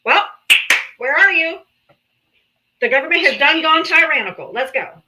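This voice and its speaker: A woman, a mother, hosting a live political talk stream in casual, animated chat, swearing freely. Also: high voice, normal speed, low-quality recording. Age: adult mother. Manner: animated, swears freely, slips into comic voices.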